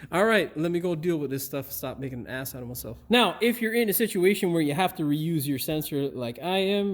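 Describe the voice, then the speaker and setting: Male mechanic teaching a repair how-to, casual, jokey and a bit crude, with a slightly raised pitch. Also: a little mellow.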